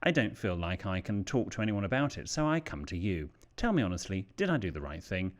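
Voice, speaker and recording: Casting note: British male podcast co-host with a lowish, animated voice, reading letters. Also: fairly quick, highs cut off. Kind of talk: casual chat and reading letters aloud.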